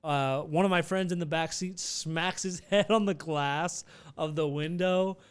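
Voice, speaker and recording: A man's voice: a little high, unhurried, clear, resonant tone. A man telling a casual, rambling vlog story with many restarts and some profanity.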